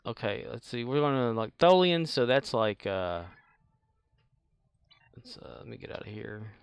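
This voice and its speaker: A man's voice: mid-range voice, lively intonation, a little slow, creaky, clear, resonant tone. Guy streaming a space game, chatty, laughs a lot, voice bounces up and down. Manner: chatty, laughs often, reads chat aloud. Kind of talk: casual live-stream chat.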